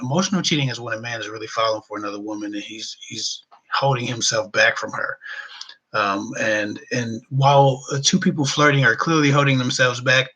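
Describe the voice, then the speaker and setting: A middle-aged man with a mid-range, sharp-toned voice hosts a live relationship advice Q&A, chatting casually and reading out viewer comments in loose, colloquial phrasing. The audio is poor.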